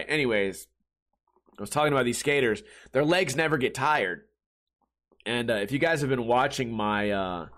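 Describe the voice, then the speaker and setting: A man's voice: mid-range voice, fairly bright tone. A middle-aged man hosting a casual solo podcast, rambling through tangents, swearing and mocking himself. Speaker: podcast host.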